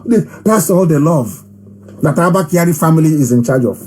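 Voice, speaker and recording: Emphatic high-voiced man. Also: lively intonation, a little mellow, breathy edge, poor audio. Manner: emphatic and repetitive, hammering phrases with long pauses. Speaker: movement leader hosting a live broadcast. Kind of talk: impassioned live broadcast address.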